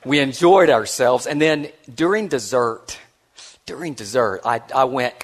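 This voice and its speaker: Animated storytelling man on stage. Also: mid-range voice, unhurried. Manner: animated, acts out quoted voices; self-deprecating and conversational, with many restarts. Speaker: conference speaker. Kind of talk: storytelling keynote address.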